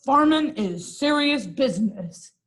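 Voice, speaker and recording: A woman reading aloud, voicing a serious, humorless male farmer in a storybook with flat, solemn lines. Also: high voice, measured pace. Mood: stern.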